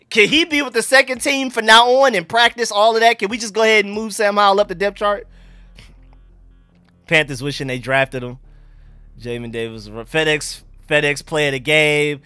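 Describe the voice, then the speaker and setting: Man, high voice, live stream reaction, joking, dry close mic. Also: clean tone, dry recording. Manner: excitable, joking, talks to chat. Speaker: sports fan livestream host.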